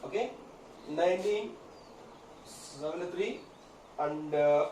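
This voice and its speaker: A male teacher giving a school lecture, halting with many fillers and repeated okays. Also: a little high, mellow, slight background noise. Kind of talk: classroom lecture. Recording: echoey room, mic far off.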